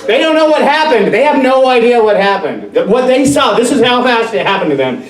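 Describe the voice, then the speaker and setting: A man performing a stand-up comedy set, telling stories and acting out voices in quick bursts. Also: extremely high pitch. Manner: animated storytelling with acted-out voices. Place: brewery. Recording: roomy bar from a distance, crowd laughter.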